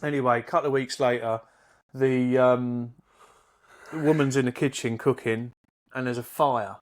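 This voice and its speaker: A man's voice: medium pitch, fairly even intonation, moderate pace. A man, co-hosting a podcast and telling rambling jokes with lots of hesitations. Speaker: podcast co-host. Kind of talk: casual chat, joke telling.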